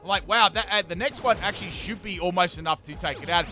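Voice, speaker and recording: Over soft background music, a young man runs joking, chatty commentary on his battles for his gaming channel, tossing in self-deprecating asides. The voice is high, bright and forceful, and he talks at a quick pace in this casual voice-over.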